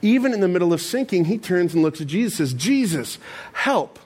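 A man preaching a sermon in a conversational, animated storytelling style with casual asides. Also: high voice, fast. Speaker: pastor.

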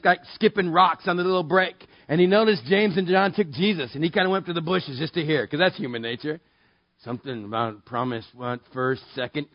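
A man preaching a sermon in a casual, joking way that builds to loud, emphatic passages. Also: on the high side, dry recording, dull audio. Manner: conversational, jokey, rising to loud emphatic preaching. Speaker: pastor.

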